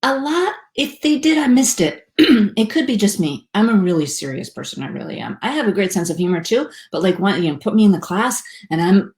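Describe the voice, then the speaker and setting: A woman's voice: mid-range voice, a little mellow. A woman from the United States, speaking casually to a group about happiness in a chatty, self-deprecating way, with restarts and fillers. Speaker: speaker teaching a class on happiness. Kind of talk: casual talk to a live audience. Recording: echoey room.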